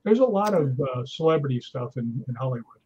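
A man's voice: mid-range voice, fairly quick, slightly rough, dull audio. A man telling ghost-hunting stories in casual chat, acting out what people said. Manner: animated anecdotes with acted-out quotes. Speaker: guest.

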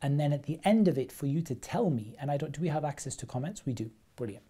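A man's voice: a little high, lively intonation, fast, mellow, husky. A man teaching a live online religious lesson, explaining texts step by step and repeating phrases for emphasis. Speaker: Islamic studies teacher.

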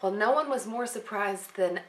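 A woman vlogging casually from her home office, rambling and digressing, her voice deep and nasal from a cold. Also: moderate pace, poor audio. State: congested from a cold. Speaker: blogger. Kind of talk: casual rambling vlog chat. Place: home office with windows open.

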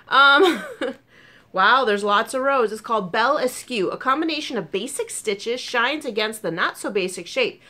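Bright, chatty woman crafter. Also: fairly high pitch, moderate pace. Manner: chatty and gushing, with frequent ums and excited asides. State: sore burnt tongue. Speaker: crochet vlogger. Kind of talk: casual chat.

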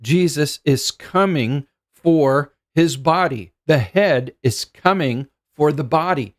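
Man preaching a sermon, middle-aged, higher-pitched voice, earnest, repeats himself while thinking aloud. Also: slow. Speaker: pastor.

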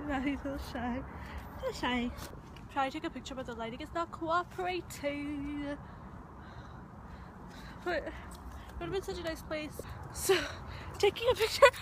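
A woman's voice: sits high, steady tone, measured pace, long pauses, noisy background. A young woman in her twenties chatting casually to the camera as a vlogger, giggly and chatty while she is out and about. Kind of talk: casual vlog chat. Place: in a car and outdoors in a park. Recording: music playing behind.

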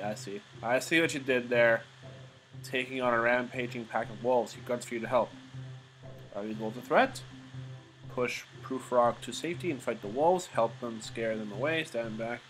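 A man's voice: mid-range voice, fairly bright tone, poor audio. Casual gamer man reading game text. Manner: casual, joking, swears at times. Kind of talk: let's play commentary, reading game text aloud.

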